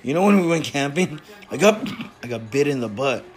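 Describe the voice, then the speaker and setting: A man hosting a casual reaction chat from a garage, loud and profane, breaking into shouts and laughter. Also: medium pitch, animated, brisk. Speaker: host of a smoking stream show.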